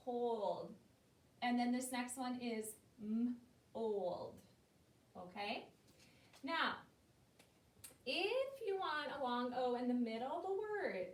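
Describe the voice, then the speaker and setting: A woman teaching a phonics lesson to young children, slowly sounding out words in a patient way. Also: sits high. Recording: echoey room from far off.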